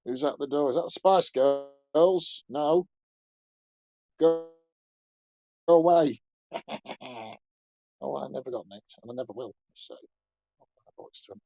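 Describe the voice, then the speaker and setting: A man's voice: medium pitch, takes it slowly, gravelly, darkish tone, no room sound, dull audio. A man voicing a leering old male showbiz entertainer who mumbles, rambles and makes crude asides, ending his lines with "you see". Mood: mumbling. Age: older. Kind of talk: comic character impression on a podcast.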